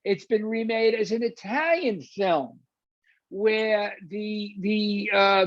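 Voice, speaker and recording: A man's voice: sits high, takes it slowly, no room sound, dull audio. An older man giving a rambling, informal lecture on a film, full of "uh"s and restarts, and acting out scenes as he retells them.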